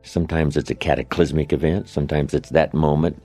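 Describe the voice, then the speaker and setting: A man's voice: extremely low pitch, steady tone, a little fast, mellow, soft background music. A man giving a motivational speech, telling folksy anecdotes with asides to the audience. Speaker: motivational speaker.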